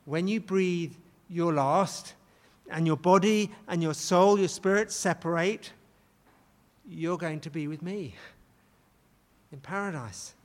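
Slow, high-voiced preacher in a reverberant hall. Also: male voice. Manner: dramatic, acts out quoted pleas with rising intensity. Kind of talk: sermon.

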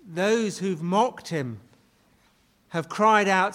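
A man's voice: high voice, slow, fairly bright tone. A man preaching a sermon with dramatic emphasis. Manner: dramatic, acts out quoted pleas with rising intensity. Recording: long hall reverb.

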